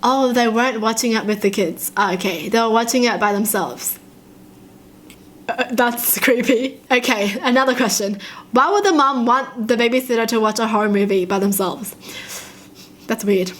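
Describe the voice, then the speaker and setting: A woman with a fairly high voice reads short stories aloud and stops to react to them. Her delivery is expressive and chatty, with quick comments between the stories. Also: a little hiss or hum. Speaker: reaction channel host.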